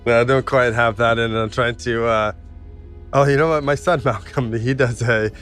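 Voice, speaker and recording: A man running a tabletop game as game master, casual and quick to laugh. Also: mid-range voice, steady tone, a bit bright, soft background music.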